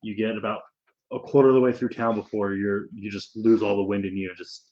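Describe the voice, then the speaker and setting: A man's voice: fairly low pitch, fairly even intonation, fairly quick, a little mellow, lo-fi sound. Man narrating as game master. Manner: loose, swearing, with fillers and restarts.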